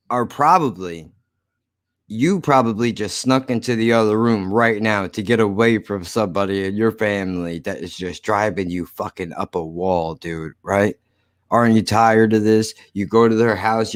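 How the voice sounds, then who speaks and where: A man's voice: on the low side, no room sound, clean studio sound. A man hosting his own podcast, ranting casually with slurred speech and lots of swearing. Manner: slurred, profane, rambling. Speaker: podcast host. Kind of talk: casual rant to listeners.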